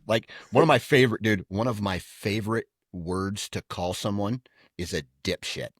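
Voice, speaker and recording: A man's voice: on the low side, moderate pace, dry recording, studio quality. A middle-aged man co-hosting a podcast, ranting about kids in casual chat, swearing freely and acting out quotes. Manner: animated, swears freely, rants with put-on quotes. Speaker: podcast co-host.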